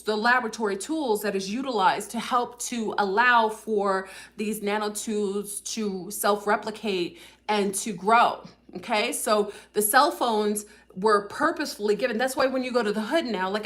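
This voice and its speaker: Woman host, quick rambling delivery, fillers throughout, talks straight to viewers, mid-pitched voice. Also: fairly bright tone. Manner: fast-talking, rambling with many fillers; addresses viewers directly. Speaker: livestream host. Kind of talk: casual livestream monologue.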